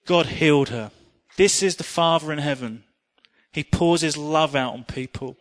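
Brief: middle-aged male preacher, slightly higher voice, animated and earnest storytelling from the pulpit. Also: moderate pace. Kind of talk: sermon with personal testimony.

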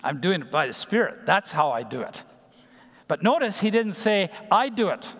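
High-voiced man preaching in a reverberant hall. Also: very animated, moderate pace, fairly bright tone. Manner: numbered points, many restarts and fillers. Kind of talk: sermon teaching.

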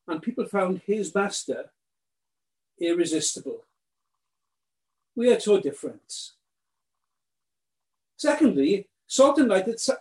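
A middle-aged man preaching a sermon, earnest and emphatic, slowing down to stress key phrases. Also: high-pitched, dark tone, low-quality recording.

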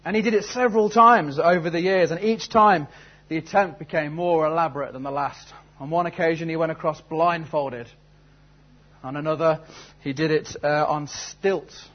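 Husky-voiced man preaching a sermon. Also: on the high side, fairly even intonation, normal speed, highs cut off. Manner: storytelling, earnest, searching questions. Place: church service.

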